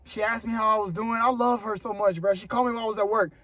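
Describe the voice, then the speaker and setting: A man's voice: high voice, fairly even intonation, rapid-fire, pushed and bright, no room sound. A young man vlogging casually to the camera, earnest and rambling, giving motivational talk and calling his viewers "bro". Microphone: camera mic.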